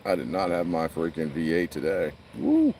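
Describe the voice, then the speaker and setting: A man's voice: a bass voice, fairly even intonation, a little fast, distant mic, noisy background. A middle-aged man chatting on a phone livestream by a lake, rambling and laughing as he tells stories. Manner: laughs a lot, rambling storyteller. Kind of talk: casual live-stream chat. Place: outdoors by a lake.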